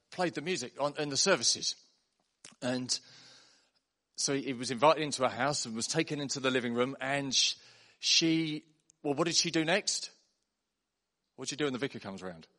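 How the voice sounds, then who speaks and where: A man's voice: medium pitch, pushed and bright. A man, a pastor delivering a chatty, self-deprecating sermon full of jokes and anecdotes to a congregation in church. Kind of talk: humorous sermon storytelling.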